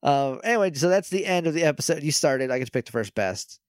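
A man co-hosting a casual podcast, retelling an episode in an animated, chatty way full of "like.". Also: on the high side, fast talker, clean tone, no room sound, clean studio sound. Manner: animated, chatty, heavy use of "like", acts out quoted lines. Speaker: podcast co-host.

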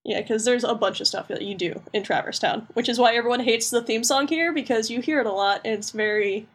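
A young woman co-hosting a casual podcast, chatty and quick to laugh. Her voice sits somewhat higher than most women's. She tells her recaps in a loose, playful way. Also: fairly bright tone, husky. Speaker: podcast co-host. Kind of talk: casual chat.

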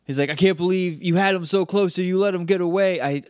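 A man's voice: high-pitched, quick pace, no echo, clean studio sound. A young man co-hosting a podcast, chatting animatedly about a TV episode, laughing often and quoting characters. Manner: animated, laughs often, jumps into quoted voices. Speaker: podcast co-host. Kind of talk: casual chat recapping a TV episode.

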